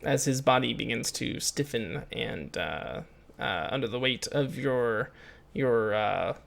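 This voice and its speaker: A man narrating a tabletop game as game master, his voice gravelly with a rough edge. He talks haltingly, stopping and restarting with plenty of fillers. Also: medium pitch, animated, a bit bright.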